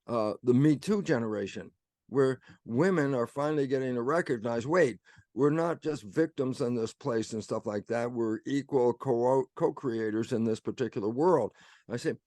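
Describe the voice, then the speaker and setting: An older man explaining in casual conversation, telling his points as animated little stories and acting out both sides of imagined exchanges. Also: mid-range voice, no echo, studio quality. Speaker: guest.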